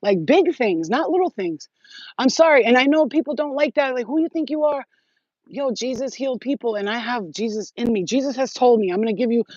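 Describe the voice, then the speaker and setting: A woman talking as a spiritual healer in a rambling, animated and profane livestream monologue. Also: a little high, no room sound, dull audio.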